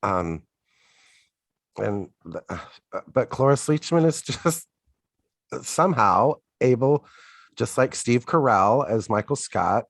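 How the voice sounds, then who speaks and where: A man's voice: mid-range voice, no room sound, studio quality. A man co-hosting a podcast, chatting casually in a frank, offhand way with a bit of swearing. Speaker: podcast co-host. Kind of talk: casual chat.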